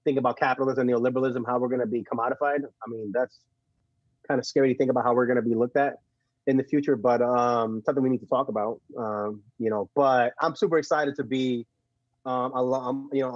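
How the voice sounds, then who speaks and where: A young adult man from Puerto Rico with a Puerto Rican accent, a podcast guest telling stories in a slangy, animated way and laughing often. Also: medium pitch, quick pace, no echo, muffled recording. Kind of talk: casual podcast conversation.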